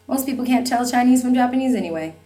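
A woman's voice: on the high side, animated, quick pace, warm tone, soft background music, voice pushed up, close to an everyday voice. A woman narrating an audiobook, voicing a jokey, upbeat father with a wry, reassuring manner. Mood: breezy. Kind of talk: audiobook reading.

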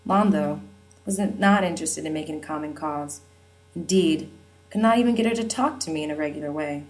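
A woman's voice: sits low, moderate pace, low-quality recording. A woman narrating an audiobook in a wry, conversational storytelling manner.

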